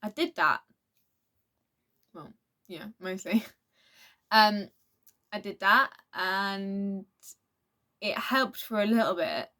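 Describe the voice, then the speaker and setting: A teenage girl talks through a casual storytime vlog. She rambles, restarts sentences and acts out quotes from others, at an everyday middle pitch. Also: animated, slow pace, long pauses, sharp tone. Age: teens. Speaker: vlogger.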